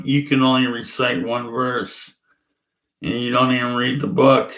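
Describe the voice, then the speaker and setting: A man's voice: medium pitch, level tone, a little slow, fairly bright tone. A man giving a blunt, profane, rambling vlog rant full of fillers. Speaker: atheist vlogger. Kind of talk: ranting vlog monologue. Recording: echoey room.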